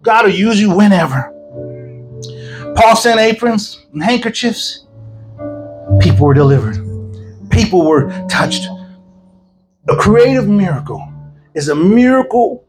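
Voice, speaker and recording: A man preaching a sermon as an evangelist at a church service, telling stories in a lively, joking way. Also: sits high, a little slow, pauses often, soft background music, low-quality recording. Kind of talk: sermon with storytelling.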